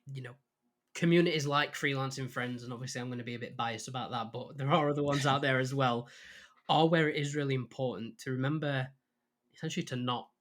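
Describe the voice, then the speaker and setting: A man's voice: mid-range voice, fairly bright tone. Friendly male podcast host. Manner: friendly, laughs along, asks set questions. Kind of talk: casual podcast interview.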